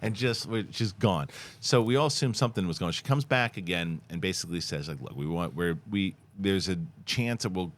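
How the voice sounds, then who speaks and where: Casting note: deep-voiced male podcast host, animated storyteller, laughs a lot. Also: a little fast, few pauses. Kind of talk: casual chat and sponsor read.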